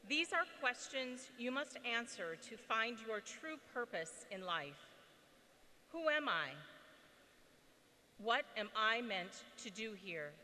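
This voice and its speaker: A woman reading a reflective passage in a deliberate, formal way to a ceremony audience in a large indoor arena. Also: a little high, pushed and bright. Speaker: ceremony speaker leading reflection. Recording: long arena reverb, faint hum.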